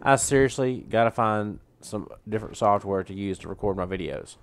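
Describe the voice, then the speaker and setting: A man's voice: fairly low pitch, fairly quick, slight background noise. A male gaming channel host giving a profane, ranting, exasperated gameplay commentary.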